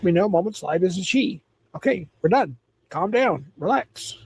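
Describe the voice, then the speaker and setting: A man's voice: high-pitched, expressive, moderate pace, vocal fry, darkish tone, breathy edge, low-quality recording. A man in his forties hosting a livestream, answering viewers in a blunt, repetitive, scolding way. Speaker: livestream host. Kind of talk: livestream chat, reacting to viewers.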